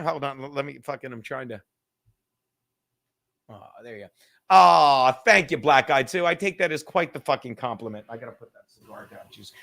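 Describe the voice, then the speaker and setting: High-voiced man ranting with profanity. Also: a bit bright. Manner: rambling, swears constantly, scattered restarts. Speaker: show host. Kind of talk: casual profane podcast rant.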